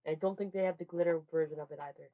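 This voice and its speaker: A young woman chatting casually through a holiday haul, rambling and restarting, with sudden loud bursts. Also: fairly low pitch, steady tone, very fast, a little hiss or hum. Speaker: vlogger. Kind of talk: casual show-and-tell haul. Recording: dull lo-fi home recording.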